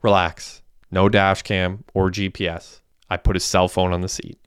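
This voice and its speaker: A man's voice: low-pitched, level tone, normal speed, clean tone, no echo, clean studio sound, natural voice. A man voicing a volatile young man who has just killed someone, in lightly acted audiobook dialogue. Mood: scheming. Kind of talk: audiobook character voice.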